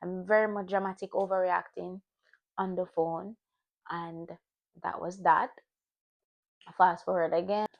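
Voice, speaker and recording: Young woman with a gravelly, candid vlog voice. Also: lowish voice, little pitch movement, unhurried, pauses often, muffled recording. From Jamaican family. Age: young adult. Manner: candid, reflective, restarts. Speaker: vlogger. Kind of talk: personal year-recap vlog.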